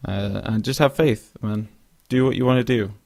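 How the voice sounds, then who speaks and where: Low gravelly-voiced young man rambling. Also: normal speed, a little mellow, dry recording, clean studio sound. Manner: rambling, frequent fillers and restarts. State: yawning, drowsy. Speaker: podcast host. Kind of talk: casual solo monologue.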